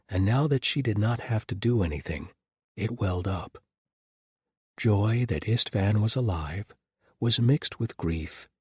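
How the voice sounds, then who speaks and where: A male audiobook narrator with a very deep, husky voice, telling the story in a measured, even way. The recording is close and dry, like a treated studio booth. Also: no echo. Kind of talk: scripted narration.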